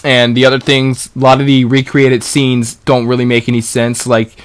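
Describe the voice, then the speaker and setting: A man's voice: mid-range voice, moderate pace, clean tone. Young man rambling through movie gripes. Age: young adult. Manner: rambling, animated retelling with restarts. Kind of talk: casual chat.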